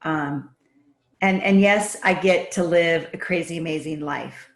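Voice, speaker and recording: A woman's voice: on the low side, measured pace. Enthusiastic woman telling stories. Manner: enthusiastic, talks in long run-on stories. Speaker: podcast guest, entrepreneur. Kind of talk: casual interview storytelling.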